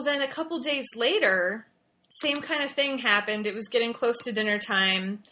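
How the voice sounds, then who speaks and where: Bright, earnest mother telling stories. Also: fairly high pitch. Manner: emotional, repeats and restarts words often. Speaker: guest. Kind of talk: casual conversational storytelling.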